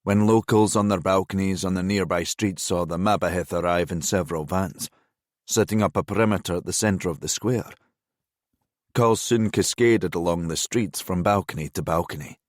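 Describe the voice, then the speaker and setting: A man narrating a crime thriller audiobook in a measured, even-toned reading. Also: sits low, no room sound, clean studio sound. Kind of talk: scripted narration.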